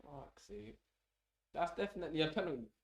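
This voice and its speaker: A young man hosting a live football watch-along, swearing and shouting at the match as it unfolds. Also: fairly high pitch, fairly quick, creaky. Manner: swearing, excitable, shouts at the game. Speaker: fan channel host.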